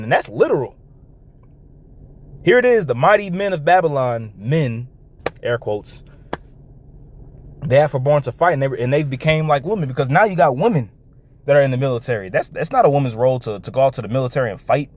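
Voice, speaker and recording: A man talks through a video and reads out scripture, his pitch rising and falling a lot. He is animated, stumbles over repeated words and restarts his sentences, and often breaks into laughter between remarks. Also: a little fast, long pauses. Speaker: online commentator. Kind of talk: reaction commentary with scripture reading.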